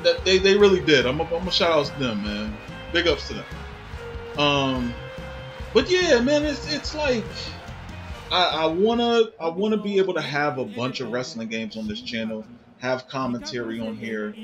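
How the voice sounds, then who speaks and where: A young man giving casual gameplay commentary, cursing and shouting at the game as he plays. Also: on the high side, lively intonation, moderate pace. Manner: loud, swearing outbursts at the game. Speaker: gaming channel host. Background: game music.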